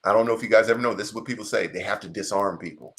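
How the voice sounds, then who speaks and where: A pastor with a lowish voice tells a story in a relaxed chat. He speaks earnestly and turns often to the viewers to pull them in. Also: very fast. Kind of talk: casual chat.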